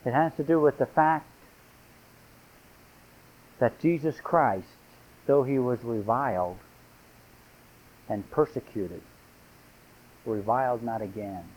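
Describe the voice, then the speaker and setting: A man's voice: medium pitch, slow, long pauses, darkish tone. A man preaching a sermon, reading scripture aloud with rising, emphatic delivery. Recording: tinny phone-like sound.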